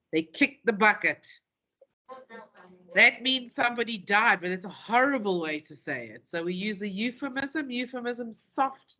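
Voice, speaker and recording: A woman teaching a classroom lesson, playful and dramatic, stretching out key terms slowly and acting out example phrases. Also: medium pitch, sharp tone. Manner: playful, acts out quotes in dramatic voices.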